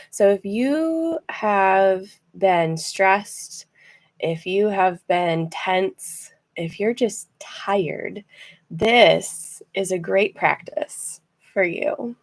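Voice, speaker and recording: A woman guides listeners through a restful relaxation practice at a very unhurried pace. Her voice sits in an ordinary middle pitch, and she sounds gentle and encouraging, with small laughs and soft fillers as she talks from her chair. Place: seated in a chair.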